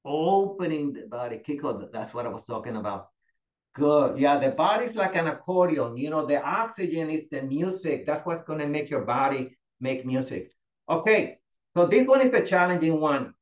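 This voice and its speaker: Male instructor, encouraging, cueing each move, slightly high voice, roomy dull sound. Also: animated, moderate pace. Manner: encouraging, calls students by name. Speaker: fitness instructor. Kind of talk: live class instruction. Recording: echoey, dull lo-fi room sound.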